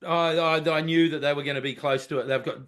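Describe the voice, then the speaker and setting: A middle-aged New man talks sport in a loud, excitable rush, swearing as he goes. His voice sits high for a man. He sounds like a fired-up fan rather than a broadcaster. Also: fast. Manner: excitable, loud, swears freely, mimics people. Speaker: podcast co-host. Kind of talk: casual sports chat.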